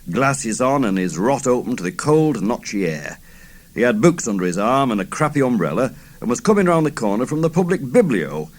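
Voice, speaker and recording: A man in his fifties, an author reading his novel aloud in a theatrical, first-person style. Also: mid-range voice. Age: 50s. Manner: theatrical, swooping delivery.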